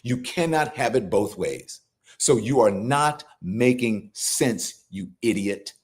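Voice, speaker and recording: A man's voice: on the low side, lively intonation, takes it slowly. A middle-aged man hosting a live political commentary show, scolding and incredulous, swearing freely as he argues. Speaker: host.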